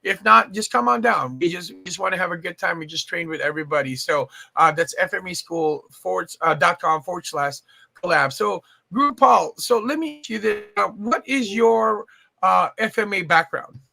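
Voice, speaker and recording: A man's voice: sits high, moderate pace, vocal fry, pushed and bright. A man hosting a live stream chat, chatty and teasing, with many fillers. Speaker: host.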